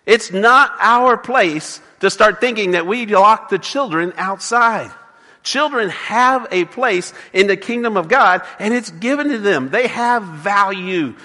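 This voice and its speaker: A man's voice: high voice, pushed and bright, long reverb tail. A man preaching a sermon as a pastor, emphatic, with frequent restarts and acted quotes.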